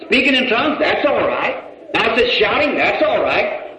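A man preaching a sermon, retelling a conversation in a folksy way and breaking into shouts, recorded in a church hall. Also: very high voice, big pitch swings, normal speed, over a noisy crowd. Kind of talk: sermon storytelling. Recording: echoey, dull old hall recording.

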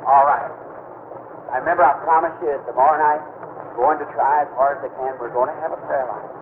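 A man's voice: mid-range voice, steady tone, brisk. A man preaching, retelling conversations in a folksy, emphatic way. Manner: earnest, emphatic preaching cadence. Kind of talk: sermon storytelling. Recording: tinny lo-fi old recording with noise.

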